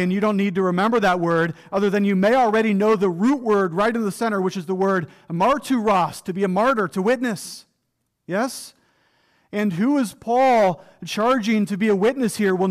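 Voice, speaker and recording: A pastor preaching a sermon from the pulpit, earnest and emphatic, with rhetorical questions to his listeners. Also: high voice. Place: church pulpit.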